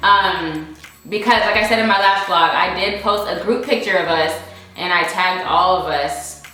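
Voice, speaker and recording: In a very echoey room with faint music playing, a young woman from the United States answers viewer questions in a relaxed Q&A, hammering home her points by repeating them. Her voice is lowish and sharp, at a moderate pace, picked up by a distant mic.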